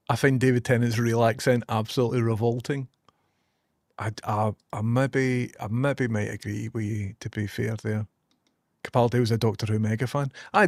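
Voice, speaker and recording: A young Scottish man talks to his live-stream audience in a relaxed, rambling way, swearing here and there as he answers comments. His voice sits at an ordinary middle pitch. The sound is close and dry, with no room around it. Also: dry recording. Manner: easygoing, swears casually, rambling and musing aloud.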